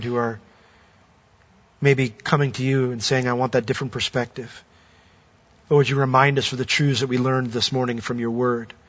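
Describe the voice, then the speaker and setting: Earnest male pastor, husky voice. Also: mid-range voice, muffled recording. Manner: earnest, rising emphasis then hushed prayer. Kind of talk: sermon with closing prayer.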